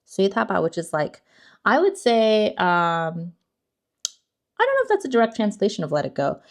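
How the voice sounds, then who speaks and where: A woman's voice: medium pitch, big pitch swings, moderate pace. A young woman hosting a casual card-opening vlog, chatty and self-deprecating, often unsure of words. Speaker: card-opening channel host.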